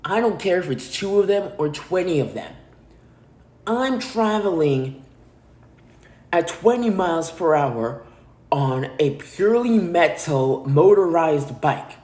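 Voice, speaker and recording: A man hosting a podcast, telling a story in a blunt, animated, profane way. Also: on the high side, slow pace, roomy sound. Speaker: podcast host. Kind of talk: casual storytelling monologue.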